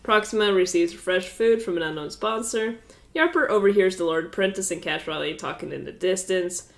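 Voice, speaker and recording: A woman's voice: on the low side, normal speed, vocal fry. A congested woman streaming, reading out game events with amused, offhand asides and frequent laughter.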